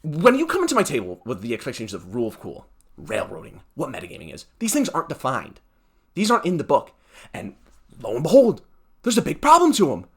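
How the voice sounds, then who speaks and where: Heated man ranting with wild pitch swings. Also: huge pitch swings, fast, a bit bright, breathy edge. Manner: heated, exasperated ranting with sarcastic asides. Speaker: podcast host. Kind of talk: ranting solo podcast.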